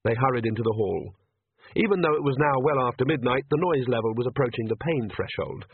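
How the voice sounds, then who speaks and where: A man's voice: medium pitch, animated, brisk, slightly rough, no echo. A man narrating an audiobook with wry, dry storytelling, on a tinny phone-like recording.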